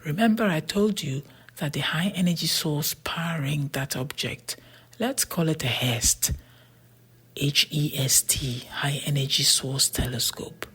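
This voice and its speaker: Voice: mid-range voice, fairly bright tone, slightly rough, heavily acted. A narrator doing a matter-of-fact boy genius. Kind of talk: storybook character voice.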